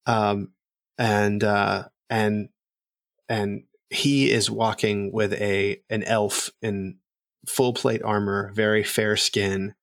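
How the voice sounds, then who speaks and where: A man narrating as game master in a rambling, halting way with many fillers. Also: fairly low pitch, level tone, no echo, clean studio sound.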